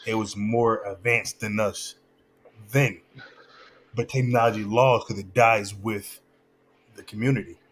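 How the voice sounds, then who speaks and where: A man's voice: on the low side, steady tone, measured pace, long pauses, a bit bright. A man in casual chat, talking loosely and stopping to find where his thought was going. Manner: loose, searching, loses his train of thought.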